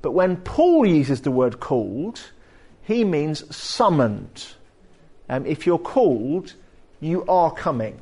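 A male preacher, his voice sitting a little high and swinging widely as he talks. He preaches in a conversational, animated way, breaking off into homely asides. The sermon is delivered in a church hall. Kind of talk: sermon with anecdotes.

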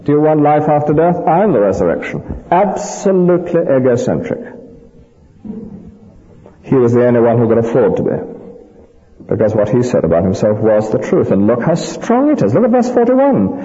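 A man's voice: medium pitch, expressive, moderate pace, mellow. A man preaching a sermon from a church pulpit, emphatic and anecdotal with dry humorous asides. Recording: dull lo-fi recording with long church reverb.

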